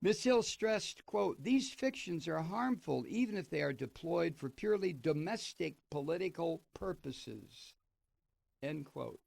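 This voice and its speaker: A man's voice: a little high, animated, measured pace, vocal fry, darkish tone, dry recording. A man hosting a radio talk show, reading a news piece aloud and breaking off into sardonic, profane commentary. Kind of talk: political commentary, reading and remarking on an article.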